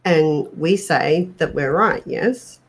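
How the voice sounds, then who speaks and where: A woman's voice: low voice, takes it slowly, a little hiss or hum. An Australian woman co-hosting a livestream, chatting and bantering playfully with viewers. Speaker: co-host of a paranormal livestream. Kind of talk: casual livestream chat.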